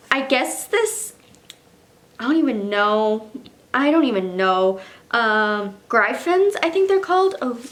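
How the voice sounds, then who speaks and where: Woman book vlogger, casual and excitable, heavy swearing, lots of filler words; reads aloud between rants. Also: a little high. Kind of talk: reading aloud and casual commentary.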